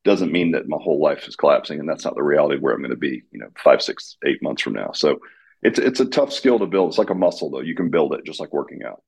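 Male podcast guest, deep husky gravelly voice, measured and reflective. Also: animated, darkish tone. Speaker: guest, business owner. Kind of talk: casual interview chat.

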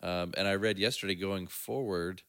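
A man's voice: sits low, steady tone, moderate pace, fairly bright tone, no room sound, clean studio sound. A man co-hosting a casual faith podcast, telling stories with plenty of fillers and easy laughs. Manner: storytelling, laughs easily, trails off with fillers. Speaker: podcast co-host. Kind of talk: casual chat.

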